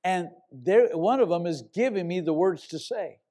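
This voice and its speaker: An older man preaching with a voice pitched a little above the usual for men. He tells his story in a loose, conversational way, then suddenly climbs into loud, emphatic shouts. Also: normal speed. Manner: animated storyteller, bursts into loud shouts when quoting himself. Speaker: pastor. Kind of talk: sermon storytelling.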